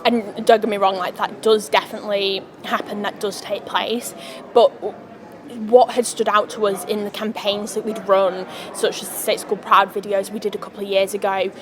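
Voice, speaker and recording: A woman's voice: medium pitch, level tone, normal speed, a crowd in the background, poor audio. A woman speaking as a student campaigner in an interview, earnest and articulate.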